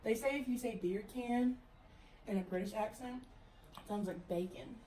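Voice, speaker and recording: A young woman chatting casually late at night with a friend, tired, self-deprecating and quick to laugh. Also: a little high, echoey room, noisy background. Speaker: friend of the vlogger.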